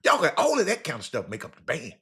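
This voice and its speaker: Animated man hosting a live chat. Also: on the high side, quick pace. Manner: animated, swings from shouts to mutters, repeats himself. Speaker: host reading live chat. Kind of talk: casual live-stream chat.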